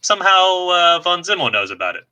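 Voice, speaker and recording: A man's voice: high voice, very animated, brisk, sharp tone, smooth, poor audio. A man co-hosting a podcast, chatting casually, laughing often and joking at his own expense. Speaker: podcast co-host.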